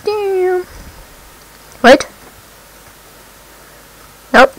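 High-voiced excitable woman gamer, slow talk. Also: rough recording. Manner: excitable, swears often, squeals and whoops. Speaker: gameplay commentator. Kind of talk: casual let's-play commentary.

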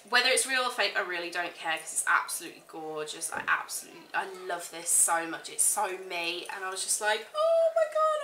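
Woman, casual vlogger, gushing and chatty with lots of fillers, bright voice, echoey room. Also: medium pitch, a little hiss or hum. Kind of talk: casual chat to camera.

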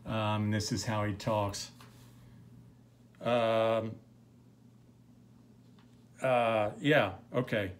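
A middle-aged man teaching literature in a relaxed recorded lecture, rambling with many fillers. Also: fairly low pitch, extremely slow, long pauses, slight background noise.

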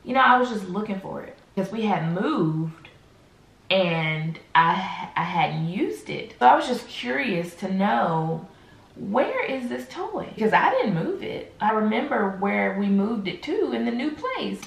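A woman telling a casual storytime to her viewers, animated and slangy, speaking straight to the camera. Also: mid-range voice, a little slow, creaky, reverberant, low-quality recording.

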